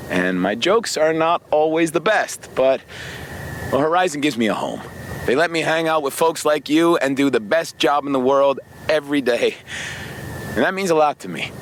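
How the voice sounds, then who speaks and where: A man's voice: fairly high pitch, expressive, moderate pace, close to an everyday voice. A man voicing a chatty racing festival veteran. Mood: sincere. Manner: upbeat, self-deprecating, chatty. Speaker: festival character in a racing game. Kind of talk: game dialogue. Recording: voice over loud racing game noise. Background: car engines and tire noise.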